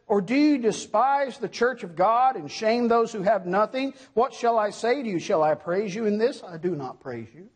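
High-voiced, husky preacher man. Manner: emphatic, asks the congregation questions and answers them. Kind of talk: sermon.

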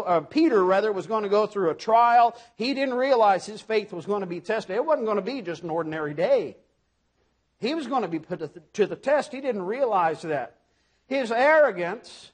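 A man with a high voice delivers a sermon. He presses his points with emphasis and often turns to his listeners with rhetorical questions. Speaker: preacher.

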